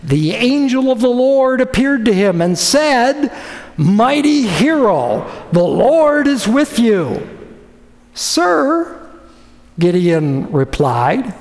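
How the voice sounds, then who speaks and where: High-voiced pastor guy preaching slow and lively, big echoey hall. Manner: animated, acts out quoted voices. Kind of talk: sermon. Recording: reverberant hall.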